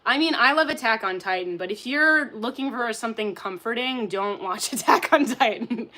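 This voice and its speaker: A woman's voice: fairly high pitch, expressive, moderate pace, bright, forceful tone, a little hiss or hum. A young woman casually chatting on a livestream, reading out and answering chat, candid, swearing and laughing often.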